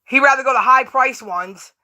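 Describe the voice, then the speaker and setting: High, bright-voiced woman ranting. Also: normal speed. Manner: profane, scornful ranting. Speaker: streamer. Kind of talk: ranting live stream commentary.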